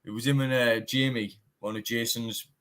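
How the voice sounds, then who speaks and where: A man's voice: medium pitch, steady tone, normal speed, fairly bright tone. A young man, a bare-knuckle fighter in a casual live-stream interview, talking animatedly, swearing often and saying "mate" all the time. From Teesside, northeast England.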